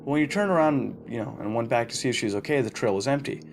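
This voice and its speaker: A man's voice: medium pitch, very fast. A man reading a first-person horror story aloud in a casual, profane way, with fillers and restarts. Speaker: narrator. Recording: narration over music.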